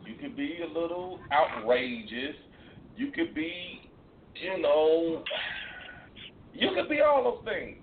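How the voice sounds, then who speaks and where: A man co-hosting a radio show, talking in casual comedic banter. He is animated and profane and often stammers and restarts. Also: fairly high pitch, takes it slowly, long pauses. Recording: lo-fi phone-like sound with faint noise.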